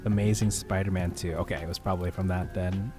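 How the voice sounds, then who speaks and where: A man's voice: low voice, quick pace, over music. An American man chatting casually on a stream, meandering as he talks and reading out chat messages. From United States. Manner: lively, meandering, reads chat aloud.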